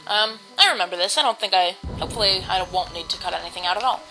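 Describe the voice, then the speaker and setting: A woman's voice: medium pitch, quick pace, rough recording. Woman doing a lets play, chatty and rambly, lots of ums, game music playing behind her. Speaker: let's play host. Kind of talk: casual gameplay commentary.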